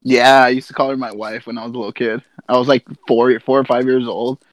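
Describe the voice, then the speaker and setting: A young man co-hosting a podcast in casual chat, animated and swearing as he tells stories. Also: mid-range voice, fast talker, dry recording. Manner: animated storyteller, swears a lot, laughs through stories. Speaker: podcast co-host.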